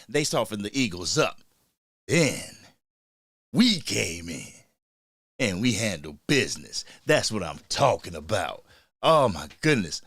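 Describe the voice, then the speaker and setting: A hyped-up man hosting a live reaction stream, worked up and talking fast as he greets the chat. His voice sits at an ordinary middle pitch and sounds dry and close, with almost no room around it. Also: no echo. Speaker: fan channel host.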